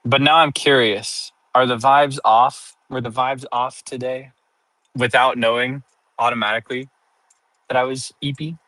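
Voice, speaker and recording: A man's voice: mid-range voice, fairly even intonation, measured pace, bright, forceful tone, dry recording, rough recording. A sleepy man streaming casual chat to his viewers, giggling often between sentences and turning playfully dramatic.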